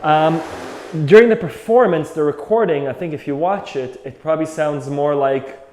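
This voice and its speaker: A man's voice: fairly high pitch, moderate pace, over loud music. Reflective male accordion teacher, roomy sound. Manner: thinks aloud, loose and reflective. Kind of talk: casual music lesson. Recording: roomy echo, faint accordion.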